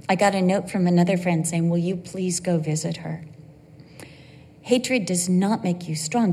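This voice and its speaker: A woman's voice: medium pitch, a little mellow, in a large hall, a little hiss or hum. A woman preaching a sermon in an earnest, conversational way, with asides and personal stories.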